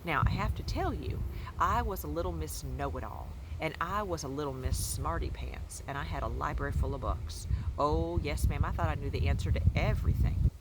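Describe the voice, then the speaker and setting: A woman's voice: low voice, noisy background. A woman doing an old librarian lady. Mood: reminiscing. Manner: drawn-out storytelling with repeated "yes, ma'am". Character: elderly Southern woman librarian, gentle and talkative. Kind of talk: children's book read-aloud.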